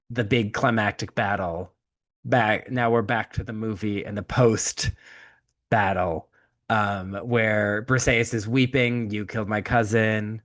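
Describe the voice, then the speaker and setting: A man co-hosting a podcast, retelling a story in casual chat, comic and profane, acting out the characters with quick shifts of voice. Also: on the low side, fairly bright tone. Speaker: podcast co-host.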